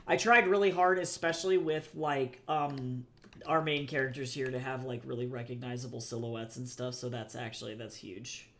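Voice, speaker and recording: Young male artist-streamer, casual chatter, gravelly tone. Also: mid-range voice, steady tone, moderate pace, a bit bright. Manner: chatty, thinks aloud, answers chat. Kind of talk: casual livestream chat while drawing.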